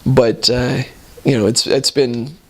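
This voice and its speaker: A man's voice: mid-range voice, slow. A man in his thirties, a returned missionary, telling stories from his mission and acting out the voices of the people in them. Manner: animated, acts out voices in his anecdotes. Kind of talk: storytelling talk.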